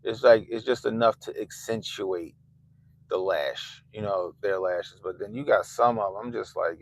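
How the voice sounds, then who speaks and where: A man hosting a livestream, ranting casually and swearing constantly, swinging between loud outbursts and low mutters. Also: moderate pace, poor audio. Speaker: livestream host. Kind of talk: profane casual rant. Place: Baltimore.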